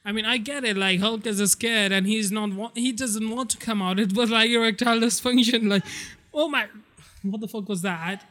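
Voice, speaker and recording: Man, high voice, podcast host, casual rant, excitable, rambling, lots of swearing. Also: normal speed.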